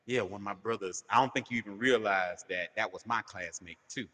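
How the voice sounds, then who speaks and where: Husky, bright-voiced man telling stories. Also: fairly low pitch, a little fast, in a large hall. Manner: animated, profane storyteller, laughs often. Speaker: podcast co-host. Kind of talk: casual storytelling chat.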